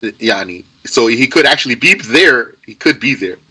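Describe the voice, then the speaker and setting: A man's voice: medium pitch, lively intonation, moderate pace, sharp tone, breathy edge, rough recording. A man teaching an Arabic grammar lesson to a class, patient and repetitive, stressing key points emphatically.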